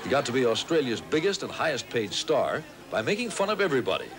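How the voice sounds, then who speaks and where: A man's voice: medium pitch, very animated, fast talker, poor audio. A male news reporter reading an upbeat report voice-over. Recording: TV report with music.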